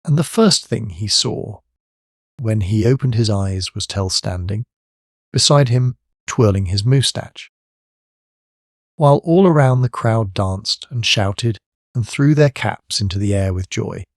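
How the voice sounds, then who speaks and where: A man narrating a classic storybook in a steady, measured reading on a close studio mic. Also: on the low side, no room sound. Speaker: audiobook narrator.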